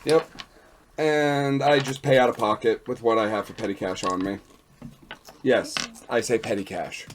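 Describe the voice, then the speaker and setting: A man's voice: mid-range voice, fairly even intonation, moderate pace, background noise. A man playing a tabletop game, thinking aloud and narrating what his character does. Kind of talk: casual game chat.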